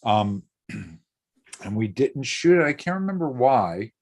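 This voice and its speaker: A man's voice: mid-range voice, very animated, a little slow, darkish tone. A man, an effects artist, chatting casually and rambling through a behind-the-scenes story with restarts. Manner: rambling, self-correcting storyteller. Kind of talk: casual chat.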